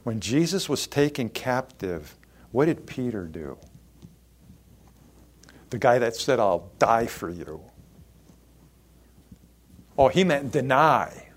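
A man preaching a sermon, expressive and acting out the people he quotes. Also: medium pitch, takes it slowly, pauses often, slightly rough. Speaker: pastor.

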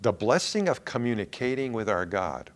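A middle-aged male pastor preaching a sermon in an earnest, emphatic way with dramatic pauses. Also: fairly low pitch, sing-song.

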